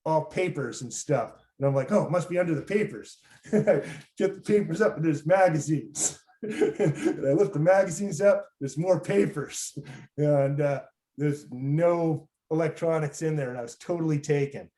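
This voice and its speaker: A man's voice: a little high, a little slow, dark tone. A man from Los Angeles hosting a storytelling show, telling a personal story in a loose, rambling way full of fillers. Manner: rambling, many fillers and restarts. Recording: roomy echo.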